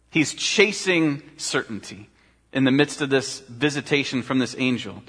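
A man's voice: medium pitch, expressive, normal speed, a bit bright, husky. A man preaching a sermon as pastor, talking conversationally and asking his listeners rhetorical questions. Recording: long hall reverb.

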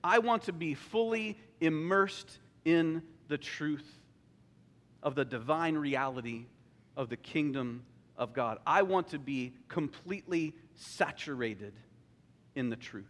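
A man's voice: a little high, slow pace, fairly bright tone. A man preaching a sermon in an earnest, conversational way. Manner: conversational, earnest, with sung quotes. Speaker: pastor. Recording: long hall reverb.

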